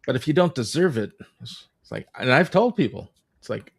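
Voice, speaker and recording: A man's voice: mid-range voice, sing-song, fairly quick, gravelly, husky. A man in a podcast conversation, speaking candidly and bluntly about his own experiences.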